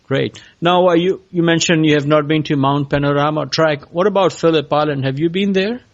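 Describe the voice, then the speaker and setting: A man hosting a podcast, interviewing a guest in a halting way with many pauses. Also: fairly high pitch, dull audio. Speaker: podcast host. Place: California.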